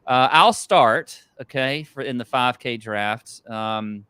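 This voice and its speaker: A man's voice: medium pitch, takes it slowly, pushed and bright, smooth. A man co-hosting a golf betting podcast, talking in a loose, rambling, chatty way. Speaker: podcast co-host. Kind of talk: casual golf betting chat.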